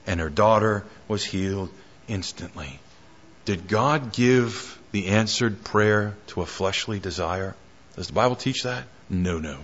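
Slow, impassioned male preacher. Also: fairly low pitch, highs cut off. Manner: impassioned preaching with dramatic rises and hushed drops. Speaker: pastor. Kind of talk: sermon.

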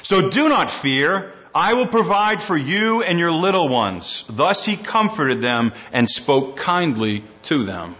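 Man, pastor, sermon, animated, dramatic quoting, dull lo-fi sound. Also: fairly high pitch, slow pace, hardly any pauses. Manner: animated preaching, dramatic voicing of quotes, rising to near shouts. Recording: muffled lo-fi recording.

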